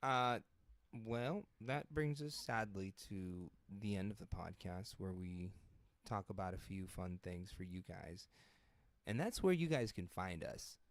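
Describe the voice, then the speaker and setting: A man's voice: low voice, unhurried, no room sound. A man co-hosting a podcast in casual chat, joking around and swearing freely. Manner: jokey, playful, swears casually. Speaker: podcast co-host.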